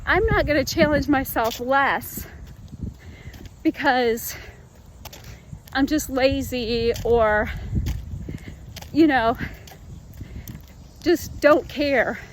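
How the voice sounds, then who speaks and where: A fitness vlogger in her fifties, winded after running, talks extremely slowly and pauses often in a high voice. Earnest and chatty, she speaks heartfeltly to viewers she calls y'all, with slight background noise.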